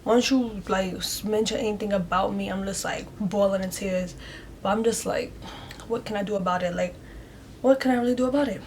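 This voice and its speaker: A woman in a casual vlog tells a personal story straight to her viewers, chatty and open, leaning on "like" and "y'all" in almost every breath. Her pitch sits at an ordinary middle height for a woman, with a faint hiss of background noise under the talk. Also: fairly quick, a little mellow. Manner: chatty, heavy use of "like", addresses viewers as "y'all"; emotional, speaks openly and earnestly. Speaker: vlogger telling her story.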